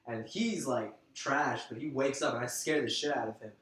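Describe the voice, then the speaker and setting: A young man casually telling a story in a chat, animated and slangy, swearing freely. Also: mid-range voice, normal speed. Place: apartment room. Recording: echoey room.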